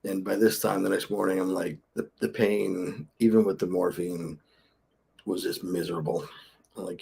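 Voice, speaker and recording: A middle-aged man with a low, gravelly voice and a husky edge. He tells his story casually and bluntly to camera, often slipping into quoted dialogue, with a swear word here and there. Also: steady tone, normal speed, darkish tone. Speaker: vlogger.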